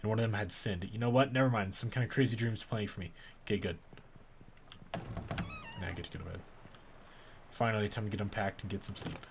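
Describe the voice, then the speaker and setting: A man's voice: lowish voice, wildly swooping pitch, fairly quick, vocal fry, long pauses, noisy background. A man doing casual game commentary, reading the on-screen text aloud with a joking manner. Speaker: gamer.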